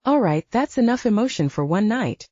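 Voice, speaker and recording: A woman voicing a big, loud, jovial middle-aged Italian restaurant owner with an Italian accent, effusive and theatrical. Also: medium pitch, big pitch swings, normal speed, dry recording, pitched above the performer's own voice. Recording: dull dry audiobook recording.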